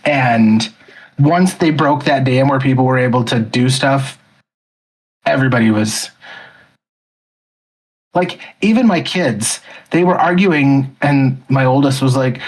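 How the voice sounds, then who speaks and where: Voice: mid-range voice, measured pace, pauses often, breathy edge, rough recording. A podcast co-host in casual chat, rambling and leaning heavily on "like". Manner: rambling, heavy use of "like"; laughs often.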